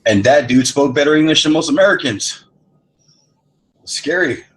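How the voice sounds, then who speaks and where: A man from San Antonio, Texas, rambles and swears in casual banter on an online voice chat, where he's a regular, laughing often. His slightly high, expressive voice moves at a moderate pace, and the chat mic gives a low-quality recording.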